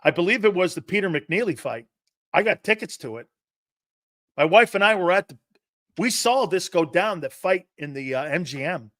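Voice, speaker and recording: In a clean, dry studio recording, a sports talk show host in his fifties spins loose, wandering stories, restarting sentences and occasionally swearing. He has a high-pitched, animated voice with a fairly bright tone at normal speed.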